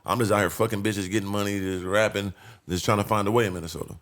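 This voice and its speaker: A man telling a long street story on a casual podcast, animated and profane. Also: on the low side, fast. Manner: profane, animated, acts out voices in his stories. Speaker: podcast guest.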